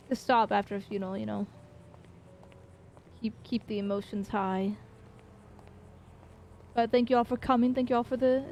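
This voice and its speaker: A woman game streamer in casual chat with her viewers, loose and chatty, swearing and pausing with fillers. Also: fairly high pitch, darkish tone, a little hiss or hum.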